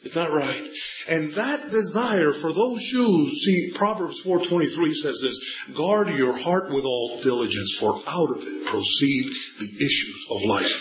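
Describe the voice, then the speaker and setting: A middle-aged man preaching a sermon, telling a family story with animated delivery and slowing down to stretch out the scripture lines. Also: fairly high pitch. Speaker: pastor. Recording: echoey, slightly dull church recording.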